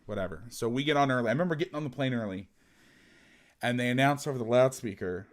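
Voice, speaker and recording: A man hosting a football podcast, chatting casually and telling an animated, profane story. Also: medium pitch, fast. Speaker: podcast host and football coach. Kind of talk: casual chat.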